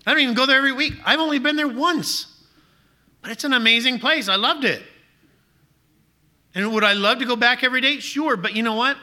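A man with a high, keen voice delivers a sermon from the pulpit. He presses his point with rhetorical questions and emphatic repetition. His tone is sharp and cutting. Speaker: pastor.

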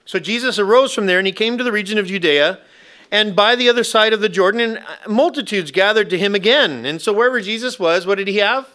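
A man preaching a sermon to a church congregation, with slow, emphatic phrasing broken up by playful asides. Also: sits high, bright, forceful tone. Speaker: pastor.

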